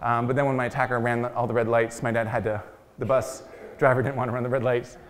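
A man's voice: mid-range voice, flat delivery, quick pace, slight background noise. A man giving a talk to an audience, telling his story with self-deprecating jokes. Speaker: guest speaker. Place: large meeting hall. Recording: long hall reverb.

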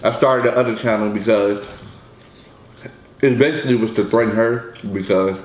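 A man talks on a casual eating vlog with a lowish voice, laid-back and rambling, teasing his partner as he goes. His voice bounces off the walls of the room. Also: moderate pace, roomy sound, low-quality recording. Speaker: vlogger co-host. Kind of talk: casual mukbang vlog chat.

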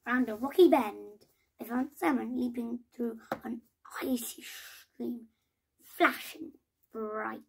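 A woman reading a children's picture book aloud in a slow, gentle way, with small restarts. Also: a little high, steady tone, gravelly, breathy edge. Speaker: storybook reader.

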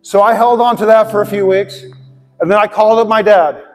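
A man's voice: high voice, fairly even intonation, brisk. A male pastor giving an earnest, heartfelt sermon built around a personal story and ending in prayer. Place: church sanctuary. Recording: long hall reverb, faint music.

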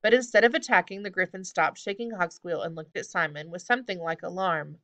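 A woman reading a children's fantasy story aloud at a steady pace. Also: fairly low pitch, brisk. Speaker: audiobook reader. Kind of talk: storybook narration.

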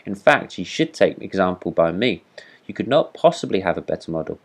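A boastful, self-important firework rocket looks down on everyone around him, as a man reading a storybook puts him on. The voice sits very low and speaks with haughty disdain. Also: sing-song, a little fast, creaky, husky, exaggerated voice. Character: vain pompous boastful male firework rocket.

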